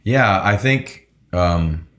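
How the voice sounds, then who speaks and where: Male guest, low bass voice, loose rambling storyteller, laughs a lot. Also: lively intonation, drawn-out words, fairly bright tone. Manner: rambling, restarts, laughs often. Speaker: musician and pilot guest. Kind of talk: casual storytelling interview.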